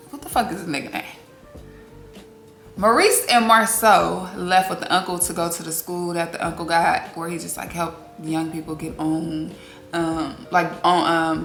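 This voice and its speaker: A woman giving a casual, candid recap of a reality TV episode, expressive and quick to swear. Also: fairly low pitch. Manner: candid, expressive, swears freely, acts out quotes. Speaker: TV recap host. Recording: roomy echo with faint music behind.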